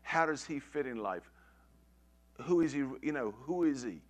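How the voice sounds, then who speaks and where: A man's voice: medium pitch, animated, moderate pace. Middle-aged preacher man telling a story. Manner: emphatic, repeats phrases for effect. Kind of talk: sermon with personal storytelling.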